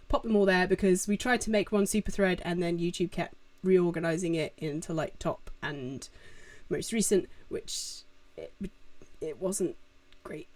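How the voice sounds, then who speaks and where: Chatty young woman live-streaming from home. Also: mid-range voice. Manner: chatty, friendly, many fillers. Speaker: streamer hosting a Q&A. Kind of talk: casual live-stream chat. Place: room at home.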